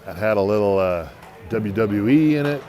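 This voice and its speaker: A man's voice: on the low side, animated, normal speed, a little mellow, soft background music. A man doing live play-by-play for an amateur hockey game, folksy and joking between plays.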